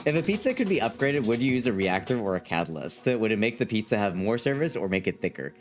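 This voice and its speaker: Lively rambling man streaming casually. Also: lowish voice, quick pace. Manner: rambling and playful, repeats phrases, reads chat aloud. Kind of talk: casual live-stream chat.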